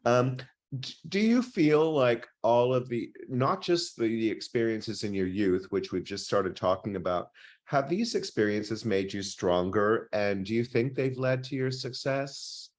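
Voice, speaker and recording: A man's voice: mid-range voice, animated, a little slow. A man interviewing a guest, asking attentive follow-up questions. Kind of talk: conversational interview.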